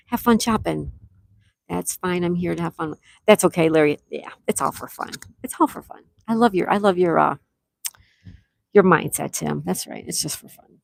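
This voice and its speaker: A woman's voice: lowish voice, creaky, no room sound. Chatty woman hosting live trivia. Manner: chatty, reads chat aloud, repeats questions slowly. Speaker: livestream trivia host.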